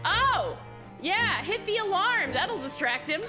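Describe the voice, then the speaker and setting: A woman's voice: very high-pitched, big pitch swings, slow. A young woman streaming a game live, giggly and playful, commenting as she plays over game music. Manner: giggly, playful, laughs often. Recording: game music playing behind.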